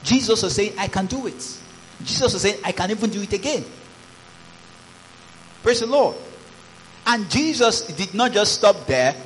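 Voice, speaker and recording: A man's voice: sits high, expressive, moderate pace, pauses often, a bit bright, slight background noise, poor audio. A man preaching a sermon as pastor, reading scripture aloud and calling out praises. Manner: preaching with rising exclamations, reads scripture aloud.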